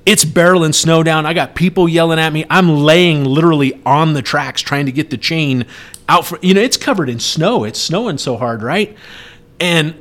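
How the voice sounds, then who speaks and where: A middle-aged man telling a story in a casual chat, animated and acting out the shouted lines. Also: a little high, moderate pace. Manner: animated, acts out yelled quotes.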